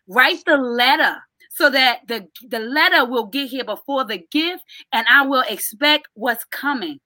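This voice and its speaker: A woman's voice: on the high side, pushed and bright, no room sound. A woman co-hosting a podcast, giving earnest advice in a casual conversation. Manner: earnest, lecturing.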